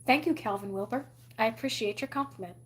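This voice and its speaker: Woman, novel read aloud, expressive storyteller, slightly high voice. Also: fast. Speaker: reader.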